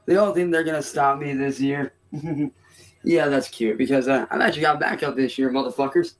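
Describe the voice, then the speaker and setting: A man's voice: medium pitch, fairly even intonation, a little fast. A man in a clip from a stream, ranting at the camera in a boastful, profane, defiant way. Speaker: streamer in clips.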